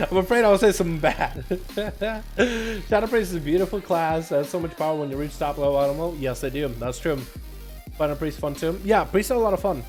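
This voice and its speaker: Upbeat high-voiced American man streaming. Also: a little fast, faint music behind. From United States. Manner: energetic, chatty, jokey with viewers. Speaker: streamer and duel host. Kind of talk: live game commentary and chat.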